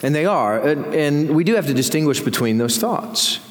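Senior pastor, man, earnest preacher with a slightly high voice, recorded in a reverberant church hall. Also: lively intonation, normal speed. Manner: earnest, rising in pitch when voicing Job's laments. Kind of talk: sermon.

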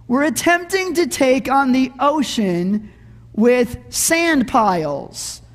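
A middle-aged man preaching a sermon, telling a funny story in a conversational way and often asking "right?". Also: very high-pitched. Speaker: pastor. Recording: echoey hall.

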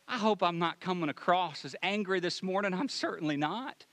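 A high-pitched man preaching with earnest, emphatic fervor. His bright voice is picked up close and dry, with no room sound. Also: expressive, normal speed, no echo. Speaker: pastor. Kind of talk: sermon and closing prayer.

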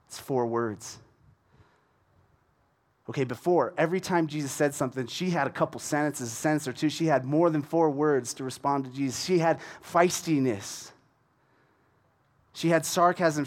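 A man teaching from the Bible in a relaxed, conversational way. He retells the passage in plain, everyday words with animated energy. His voice sits fairly high. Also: moderate pace.

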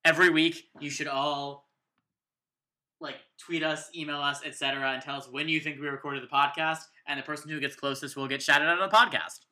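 A man co-hosting a podcast in casual chat, animated and jokey, quick to laugh. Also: on the high side. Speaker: podcast co-host.

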